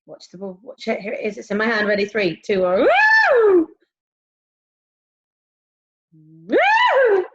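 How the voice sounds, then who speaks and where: A woman's voice: medium pitch, quick pace, hardly any pauses, noisy background. A woman teaching a playful online music lesson to young children, whooping and whispering to make the sounds fun. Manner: animated, playful, sing-song with whoops and whispers. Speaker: primary school music teacher. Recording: dull lo-fi home video sound.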